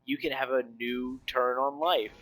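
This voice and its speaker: A man co-hosting a casual comic book podcast, retelling story scenes in a relaxed way. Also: medium pitch, a little slow. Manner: relaxed storytelling, quoting characters. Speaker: podcast co-host.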